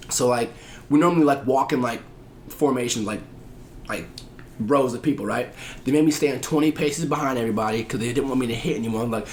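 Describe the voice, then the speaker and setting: A man telling a story as a podcast guest in casual chat, animated and profane, acting out the voices of people he quotes. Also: medium pitch, a little fast, a little hiss or hum.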